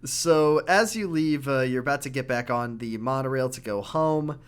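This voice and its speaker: A man co-hosting a podcast, chatting casually about a video game and acting out characters' lines in quick put-on voices. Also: medium pitch, smooth. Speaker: podcast co-host.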